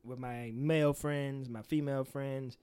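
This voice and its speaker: A man's voice: medium pitch, fairly even intonation, measured pace, darkish tone, clean tone. A young man co-hosting a casual podcast, talking through friendship advice candidly and animatedly, swearing freely and acting out quoted lines. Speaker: podcast co-host.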